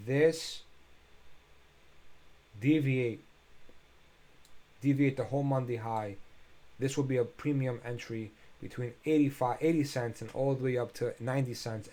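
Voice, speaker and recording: A man with a medium-pitched, dark-toned voice casually talks through crypto price charts on a screen share, thinking aloud in a loose, chatty way with filler sounds. He sounds a bit tired and yawns.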